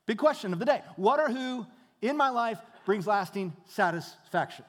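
A man's voice: sits high, animated, normal speed. A man preaching a sermon as a pastor, talking conversationally, asking rhetorical questions and repeating his phrases. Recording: reverberant hall.

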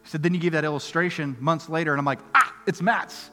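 A middle-aged man preaching a sermon, telling a story in a lively, conversational way, going from loud excitement to quiet earnest appeals. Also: on the high side, very fast. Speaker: pastor. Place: church auditorium. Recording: music under voice in a reverberant hall.

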